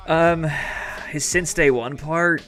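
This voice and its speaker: A man's voice: on the high side, steady tone, slow pace, a bit bright, faint music behind. A young Irish man hosting a live stream, chatting casually and rambling as he answers viewers' comments. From Ireland. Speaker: livestream host.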